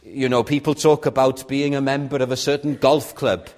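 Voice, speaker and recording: A man's voice: mid-range voice, steady tone, moderate pace. Male preacher, mid voice, earnest and personal, sermon delivery. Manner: earnest, personal, with sudden soft drops and raised stresses.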